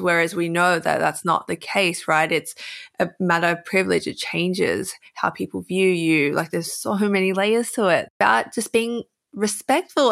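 A young woman in an easygoing discussion, with a voice a touch low for a woman. She talks animatedly, tossing in quick asides and jokes at her own expense. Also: fairly even intonation, a bit bright. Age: young adult. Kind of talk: casual discussion.

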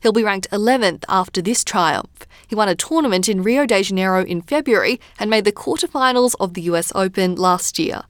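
A woman's voice: medium pitch, no room sound. Woman reading a dry news bulletin. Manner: measured, even newsreader delivery. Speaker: news presenter.

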